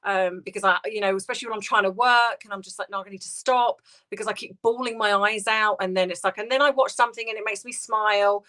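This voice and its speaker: A British woman hosting a casual livestream, talking softly and hesitantly with many ums and restarts as she answers viewer comments. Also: mid-range voice, fairly even intonation, fast, few pauses. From United Kingdom. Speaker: livestream host.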